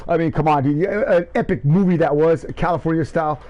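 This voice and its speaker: Hyped male race caller, slightly high voice, rambling and breathless. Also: fairly quick, few pauses, low-quality recording. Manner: shouting excitedly, then breathless and rambling. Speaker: race commentator and host. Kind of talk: excited sim racing commentary.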